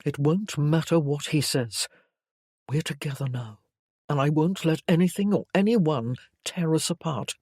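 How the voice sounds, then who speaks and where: Lady reading as a determined regency gent, firm and pushy, kinda louder. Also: deep voice, a little slow, husky, no room sound, clean studio sound. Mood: insistent. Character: ardent possessive Regency gentleman, determined.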